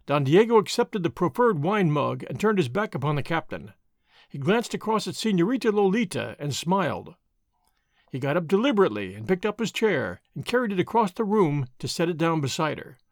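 Man narrating an audiobook, expressive, fairly high voice, dry close sound. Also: brisk, no room sound.

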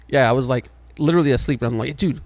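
A man's voice: mid-range voice, quick pace, a little mellow, dry recording. A man co-hosting a podcast in casual crude banter, joking, swearing freely and laughing often. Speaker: podcast co-host.

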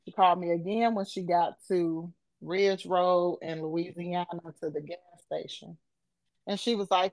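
A woman's voice: lowish voice, fairly even intonation, measured pace, darkish tone, dry recording. A woman on a podcast, retelling an emotional personal story in vivid, casual speech. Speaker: podcast co-host.

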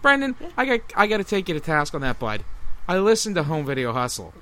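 A guest podcaster, a man, ranting in an animated, profane way in casual chat. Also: a little high, quick pace, a crowd in the background.

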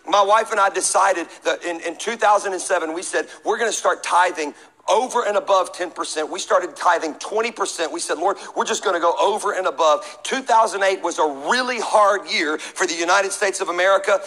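A middle-aged pastor, preaching a sermon with humor and call-and-response to the congregation. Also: male voice, high voice, sharp tone, poor audio.

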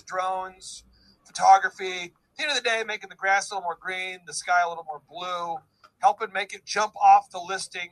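A man's voice: high voice, fairly bright tone, rough recording. A man hosting a casual podcast chat, rambling and joking, with many restarts. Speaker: podcast host.

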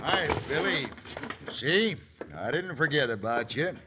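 A man's voice: on the high side, animated, unhurried, background noise. A man playing a dim, sly outlaw sidekick with a drawling delivery, in 1940s radio acting.

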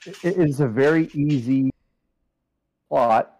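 A man's voice: medium pitch, takes it slowly, darkish tone, no room sound. A man co-hosting a podcast in casual chat, rambling and repeating words as he thinks. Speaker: podcast co-host.

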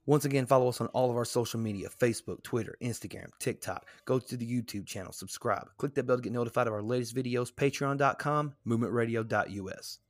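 A man's voice: mid-range voice, fast, few pauses, no room sound. A man co-hosting a casual podcast, loose and rambling with many fillers and restarts. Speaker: podcast co-host.

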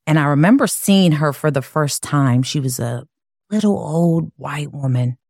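Woman, from Chicago, personal storytelling, reflective, low-pitched, unhurried. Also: vocal fry, a little mellow, dry recording, studio quality. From Chicago, USA. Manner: earnest, measured, reflective. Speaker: podcast guest telling her life story.

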